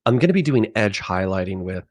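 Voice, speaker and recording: Man doing a calm painting instructor, whispered role-play, hushed, slow, lowered pitch. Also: no echo. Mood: soothing. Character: soft-spoken male TV painting instructor, calm.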